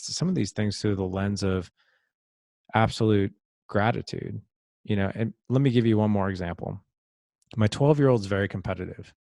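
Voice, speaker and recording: A middle-aged man with a low, gravelly voice talks through a personal story as a podcast guest. He is earnest and reflective and restarts phrases as he thinks. His voice sounds close and dry, with no room around it. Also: warm tone, dry recording. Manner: earnest, reflective, repeats words while thinking. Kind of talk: conversational storytelling.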